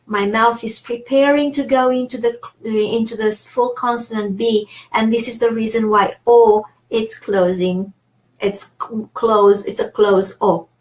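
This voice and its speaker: A middle-aged woman gives an online language lesson. Her voice sits a little high, and she explains in a lively, talkative way. She breaks in now and then with self-aware asides. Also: measured pace, rough recording. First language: French. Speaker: French teacher.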